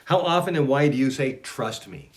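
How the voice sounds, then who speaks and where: A man's voice: medium pitch, lively intonation, moderate pace. A man reading aloud from his own spiritual writings and musing on each line in a rambling, self-interrupting way. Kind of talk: casual spoken reading and reflection.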